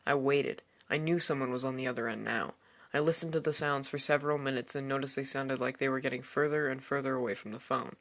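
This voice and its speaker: A man's voice: mid-range voice, fairly even intonation, fast talker, a bit bright. A man reading a first-person horror story aloud in a tense storytelling manner. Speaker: narrator. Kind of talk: scripted horror story narration.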